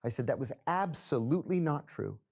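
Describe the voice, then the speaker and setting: A man with a gravelly, low-lying texture to his voice speaks in a measured interview tone. His delivery is deliberate and even as he recounts events. The timbre stays dark and mellow throughout. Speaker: former intelligence officer interviewed.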